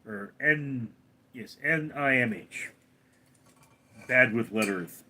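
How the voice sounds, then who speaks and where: Husky man chatting on a live stream. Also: slow. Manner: reads viewer names out loud, then answers in a lower voice. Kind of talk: casual live-stream chat reading comments.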